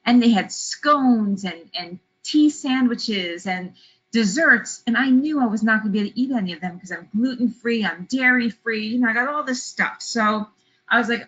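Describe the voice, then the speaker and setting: A woman's voice: on the high side, normal speed, fairly bright tone, dull audio. A woman leads a travel business webinar and tells a personal story to make a point, chatting with lots of fillers. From California. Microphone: webinar computer mic.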